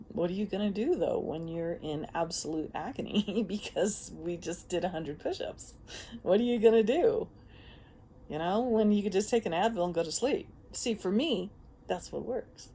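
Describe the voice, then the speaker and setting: A woman giving a casual spoken monologue as a self-help vlogger, animated and frank, swearing freely and laughing often. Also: medium pitch, a little slow, a little hiss or hum.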